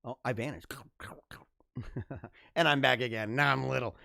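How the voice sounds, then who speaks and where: A man's voice: mid-range voice, steady tone, moderate pace, gravelly, long pauses, pushed and bright, no room sound, studio quality. A man hosting a livestream, talking to his viewers in an emphatic, preachy, repetitive way. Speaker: livestream host. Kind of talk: preachy motivational livestream talk. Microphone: camera mic.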